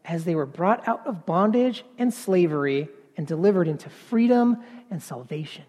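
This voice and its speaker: A man preaching a sermon in an earnest, halting way, repeating words and then building to emphatic passages. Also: high-pitched, lively intonation, dark tone, in a large hall.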